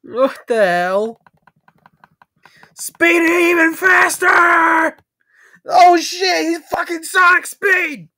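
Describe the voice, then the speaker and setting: Slow-talking, swearing young woman reacting. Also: very high-pitched, bright, forceful tone, no room sound, clean studio sound. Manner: swears constantly, laughs and exclaims in surprise. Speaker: reaction video creator. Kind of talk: casual reaction commentary.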